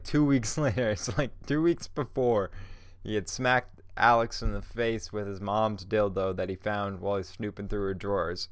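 A stoned man rambles through his own podcast, swearing freely and laughing between stories. His voice sits on the low side and comes across dry and close to the mic, with no room sound around it. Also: a bit bright, no echo. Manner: laid-back, profane, rambling, laughs often. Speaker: podcast host.

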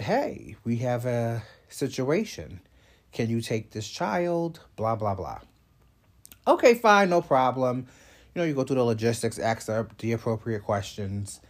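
A man's voice: on the low side, darkish tone. A man with a congested voice, hosting a casual vlog update and rambling chattily with fillers and asides. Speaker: show host.

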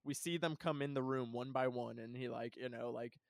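A man's voice: mid-range voice, fairly even intonation, fairly quick, creaky, no room sound, studio quality. A man chatting casually about a film with a co-host, full of fillers and laughing often. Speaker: podcast co-host.

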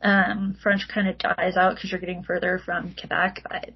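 Husky woman chatting as a guest. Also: lowish voice, moderate pace. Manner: relaxed and talkative, with many likes and ums. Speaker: podcast guest. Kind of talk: casual podcast chat. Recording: slightly dull, lo-fi audio.

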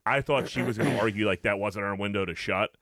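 A man's voice: lowish voice, fast, vocal fry, fairly bright tone, dry recording, clean studio sound. Rambling, profane man in casual chat. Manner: rambling, heavy on fillers and swearing. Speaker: podcast co-host.

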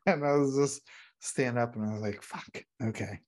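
A man telling a lively story in a relaxed chat as a podcast guest, a retired Navy veteran. He laughs often and acts out the people he quotes. His voice sits at a middle pitch. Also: normal speed, background noise. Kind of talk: casual storytelling.

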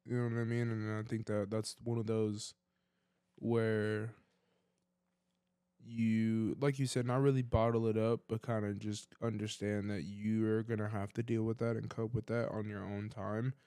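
A young man chats on a podcast, supportive and loose, with plenty of fillers. His voice sits a little low, and the sound is dry and close. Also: level tone, unhurried, dark tone, clean tone, dry recording. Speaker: podcast co-host. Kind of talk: casual chat.

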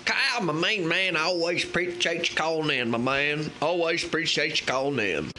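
A man's voice: fairly high pitch, animated, moderate pace, noisy background. A man hosting a casual fishing vlog in a playful, jokey way. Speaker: fishing show host.

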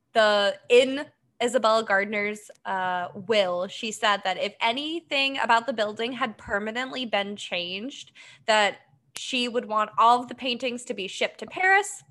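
Chatting loosely about a documentary she's recapping, this Boston-area podcast co-host fills her talk with ums and laughs readily. She speaks slowly in a mid-range voice that sounds bright and forceful.

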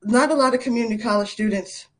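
Podcast guest: young woman, lively storyteller who laughs easily. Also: fairly high pitch, fast talker. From North Carolina, USA. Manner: animated, laughs often, many fillers. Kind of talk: casual interview storytelling.

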